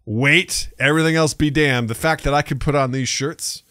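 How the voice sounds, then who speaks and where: A man's voice: fairly high pitch, moderate pace, no echo, studio quality. A man in his thirties co-hosting a podcast in casual chat, telling stories animatedly and acting out the people he quotes. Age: 30s. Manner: animated storyteller, acts out quotes. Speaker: podcast co-host.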